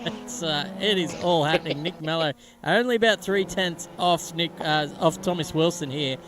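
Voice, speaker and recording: High-voiced Australian co-commentator man. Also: normal speed, background noise. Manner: chatty, laughing, bursts into excited yelps. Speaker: race co-commentator. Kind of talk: sim racing commentary.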